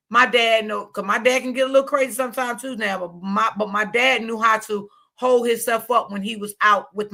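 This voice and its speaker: A woman's voice: mid-range voice, creaky, sharp tone. A woman commentating on a live stream, blunt and profane, speaking straight to her viewers. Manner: blunt, profane, emphatic, talks straight to the audience. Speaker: online commentator.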